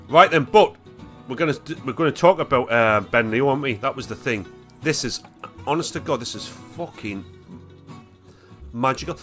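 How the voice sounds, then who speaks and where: A man's voice: fairly high pitch, a bit bright. A man hosting a show, reacting to clips in a blunt, sweary, casual commentary, with a cold. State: has a cold.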